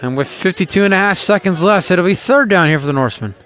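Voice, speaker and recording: Higher-pitched chatty male football announcer. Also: animated, fast talker, fairly bright tone. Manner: chatty, openly puzzled by the coaching. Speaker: play-by-play announcer. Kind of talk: live football commentary.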